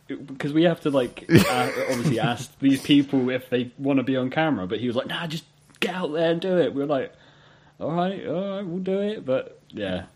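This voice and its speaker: A man in his twenties telling a story in casual chat, giggly and animated. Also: medium pitch, a little fast, breathy edge. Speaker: guest.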